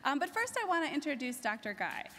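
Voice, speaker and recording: Woman, upbeat society president, higher voice, echoing conference hall. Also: big pitch swings, fast talker, bright, forceful tone. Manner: enthusiastic, candid, with some filler words. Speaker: society president presenting award. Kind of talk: conference introduction speech. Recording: long hall reverb.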